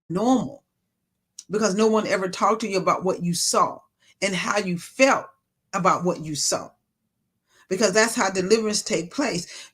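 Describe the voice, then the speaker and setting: Woman, ministry speaker, informal preaching, emphatic repetition, mid-pitched voice. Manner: emphatic, repeats phrases for stress. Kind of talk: faith-based talk on domestic violence.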